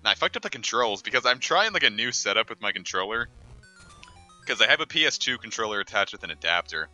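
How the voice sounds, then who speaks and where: Sharp-voiced, rambling joking male streamer. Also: fairly low pitch, very animated, fast, dull audio, soft background music. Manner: joking, rambling asides with many fillers. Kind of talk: casual gameplay commentary.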